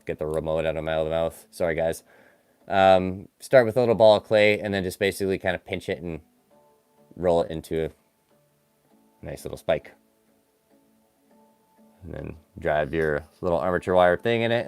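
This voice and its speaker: Low-voiced man chatting while sculpting. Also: smooth, dry recording. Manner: rambling, self-deprecating, distracted by the work at hand. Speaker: stop-motion animator streaming live. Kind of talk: casual live-stream chat while crafting.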